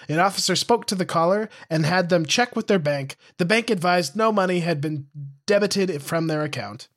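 A man's voice: sits high, normal speed, a bit bright. A man co-hosting a casual talk show, reading police reports aloud and joking about them. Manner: reads reports then jokes about them.

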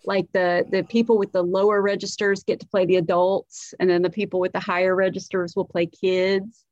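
A woman's voice: medium pitch, level tone, normal speed, a little mellow, no echo, lo-fi sound. Chatty woman from South Carolina, light Southern accent. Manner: chatty, swears, lots of "like" and restarts. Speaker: comedian guest. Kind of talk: casual podcast storytelling.

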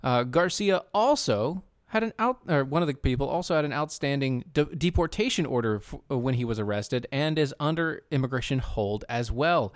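A man's voice: mid-range voice, expressive, moderate pace, hardly any pauses, dry recording, clean studio sound. A man hosting a casual political commentary podcast, sarcastic and rambling with many restarts. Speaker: podcast host.

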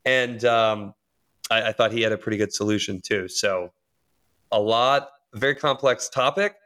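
Relaxed laughing podcast host, man. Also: fairly low pitch, moderate pace. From United States. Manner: relaxed, laughs easily, wraps up the talk. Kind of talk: casual podcast discussion.

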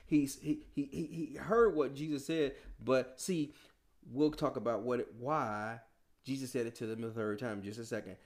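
A man's voice: mid-range voice, steady tone, normal speed. A man preaching a sermon in a casual, slangy style, full of rhetorical questions.

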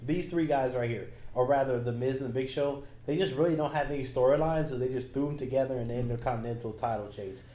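Laid-back guy with a mellow voice, cracks little jokes, echoey room. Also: medium pitch, fast talker, few pauses. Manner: easygoing, joking asides. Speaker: podcast co-host. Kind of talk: casual wrestling chat. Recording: roomy echo with faint ambience.

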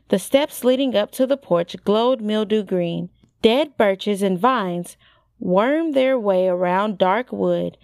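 A woman narrating a storybook in a measured, expressive reading style. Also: medium pitch, dry recording, clean studio sound. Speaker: audiobook narrator.

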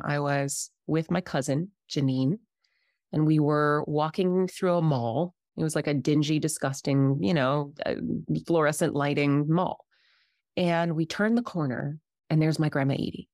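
A woman in her thirties tells a personal story with lively, animated energy, putting on voices for the people she quotes. Her voice sits low for a woman. The sound is close and dry, with no room echo. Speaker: podcast guest, Reiki healer. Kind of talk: casual storytelling.

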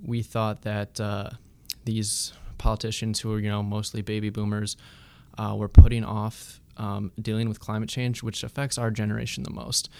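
A man's voice: on the low side, level tone, normal speed, vocal fry, warm tone, clean tone. A young man, a student activist, answering interview questions hesitantly with many ums. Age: young adult.

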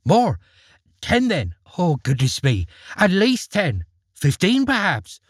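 A man voicing a shrill, fierce-tempered peasant mother who scolds in rapid outbursts in a storybook reading. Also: big pitch swings, no echo, studio quality. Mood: eager.

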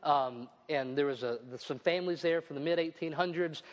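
A man's voice: a little high, moderate pace. A middle-aged male pastor preaching a sermon in a church, reading scripture aloud and adding his own asides. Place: church building. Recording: dull sound with long hall reverb.

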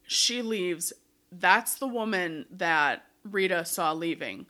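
A woman co-hosting a podcast, retelling a musical's plot in animated casual chat full of "like". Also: lowish voice, takes it slowly. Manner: animated storyteller, lots of "like". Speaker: podcast co-host.

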